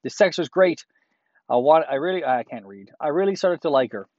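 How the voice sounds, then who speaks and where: A man's voice: fairly high pitch, expressive, brisk, darkish tone, dry recording, highs cut off. A man reads a listener's letter aloud and breaks in with crude, profane, sarcastic comments. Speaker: host reading a listener's letter.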